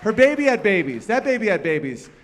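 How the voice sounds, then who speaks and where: A man's voice: high voice, very animated, a little fast. A man performing a brash, profane stand-up comedy set at a live venue.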